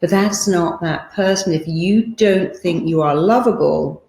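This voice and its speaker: A woman's voice: lowish voice, unhurried, vocal fry, darkish tone. A middle-aged woman giving an emphatic motivational talk, acting out quoted voices as she coaches. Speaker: therapist and motivational speaker. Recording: roomy echo.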